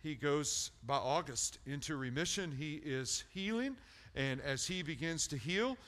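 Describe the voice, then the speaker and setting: A man preaching a sermon with a bright, forceful tone set a little high. He tells stories with self-deprecating humor, repeats key words for weight, and swings between loud emphatic bursts and quiet, intense passages. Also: lively intonation, measured pace. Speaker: pastor.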